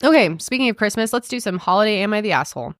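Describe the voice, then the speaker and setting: A woman co-hosting a podcast, chatting casually and reading a forum post aloud in an animated way. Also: medium pitch, rapid-fire, dry recording, clean studio sound, faint music behind. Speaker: podcast co-host.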